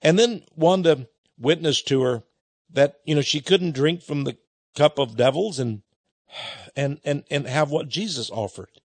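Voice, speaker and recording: A man's voice: on the high side, a little slow, dry recording. A man preaching a sermon in a folksy, chuckling way, telling a personal story and calling his listeners his friends.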